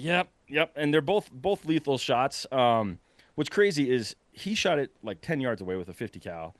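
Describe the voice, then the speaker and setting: A young man casually telling a long story, animated and breathless, full of fillers and quick laughs. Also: medium pitch, dry recording. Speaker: podcast guest telling a hunting story.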